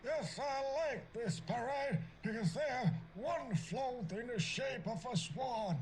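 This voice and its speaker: A curt grumpy old grandpa. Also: male voice, extremely high pitch, expressive, slow, a little mellow, soft background music, heavily acted. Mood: rambling. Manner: curt one-word answers. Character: terse grumpy old man on a phone line.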